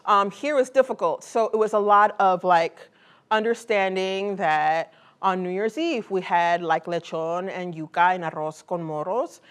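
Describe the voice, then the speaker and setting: A woman's voice: on the low side, unhurried, clear, resonant tone. Chatty woman poet at a college reading. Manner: casual and chatty, with many "like" and "um" fillers; laughs easily and jokes with the audience. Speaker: poet and author. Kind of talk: poetry reading and audience Q&A. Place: college event before a live audience.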